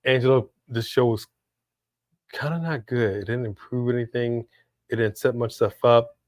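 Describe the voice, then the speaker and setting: A man's voice: mid-range voice, normal speed, no echo, clean studio sound. A man co-hosting a casual live-stream watch-along, reacting to the action as it happens and reading viewer messages aloud. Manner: animated, reacts to the action and reads super chats aloud.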